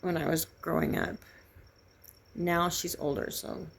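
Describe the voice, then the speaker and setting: A middle-aged woman telling a painful personal story in halting, grieving, raw speech. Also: lowish voice, fairly even intonation, gravelly. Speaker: vlogger sharing a personal story. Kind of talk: candid personal testimony.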